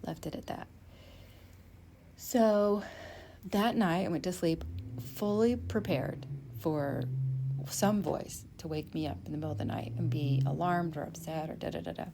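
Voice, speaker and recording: A woman's voice: sits low, fairly even intonation, normal speed, creaky, background noise. A woman hosting a podcast, telling a personal story in a reflective, candid way and dropping to a near whisper for her private thoughts. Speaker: podcast host.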